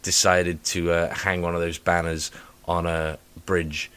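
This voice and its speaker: A man co-hosting a casual podcast, telling stories in an animated, mocking way with sudden outbursts. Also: low-pitched, unhurried, clean tone. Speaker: podcast co-host. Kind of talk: casual chat.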